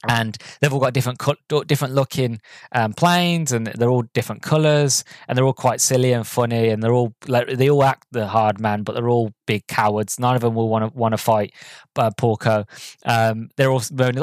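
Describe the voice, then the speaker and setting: A man's voice: medium pitch, fairly even intonation, normal speed, no room sound. Rambling man reviewing a film. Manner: rambling, with frequent restarts and fillers; acts out quoted characters in a raised voice. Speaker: podcast host reviewing films. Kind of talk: casual solo podcast talk.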